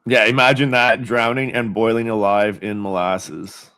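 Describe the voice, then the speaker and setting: A man's voice: on the low side, level tone, normal speed, pushed and bright, smooth. A man co-hosting a comedy podcast, joking loosely and laughing often. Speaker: podcast co-host. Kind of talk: casual comedy podcast chat.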